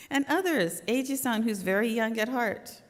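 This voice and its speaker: A woman's voice: fairly high pitch, animated, unhurried. A middle-aged woman giving an earnest, conversational faith talk at a church memorial service. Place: church hall. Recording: long hall reverb.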